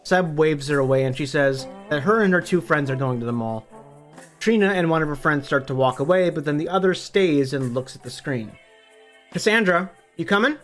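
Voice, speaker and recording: A man's voice: a little high, fairly quick, faint music behind. A man narrating a book summary for his online channel, upbeat and conversational, with the odd casual swear. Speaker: book review YouTuber.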